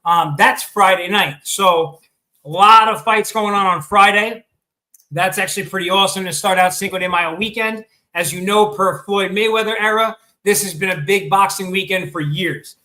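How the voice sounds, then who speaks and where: A man with a high, bright voice talks sports in a loose, casual way. He keeps hitting ums and restarts, and he has the hiccups. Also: moderate pace, poor audio. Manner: chatty, hesitant with many ums and restarts. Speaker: sports show host.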